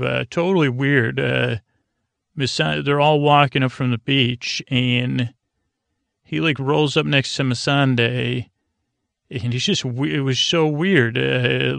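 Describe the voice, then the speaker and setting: Gravelly, flat-voiced man recapping a show. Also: mid-range voice, no room sound. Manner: rambling, loose, self-correcting. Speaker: podcast host. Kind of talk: casual TV episode recap.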